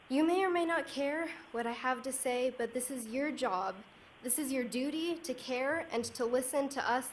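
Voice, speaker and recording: A young woman student reads a composed, prepared statement at a county meeting. Her voice sits somewhat high and stays measured. A faint hiss runs under the podium microphone. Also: low-quality recording. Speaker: student speaking at public comment. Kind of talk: prepared public speech. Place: county commission meeting room.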